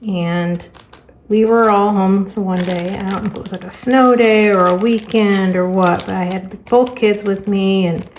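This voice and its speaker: A middle-aged woman chats casually while she crafts, telling family stories with a dry, sarcastic, deadpan wit. Her voice sits at an ordinary pitch, and faint crinkling of packaging is heard behind her. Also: slight background noise. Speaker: crafting vlogger and teacher.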